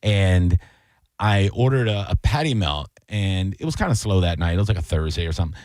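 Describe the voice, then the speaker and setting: A man co-hosting a casual radio aftershow, telling animated stories and acting out quotes. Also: sits low, brisk, dry recording, clean studio sound. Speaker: radio show co-host. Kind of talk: casual radio chat, storytelling.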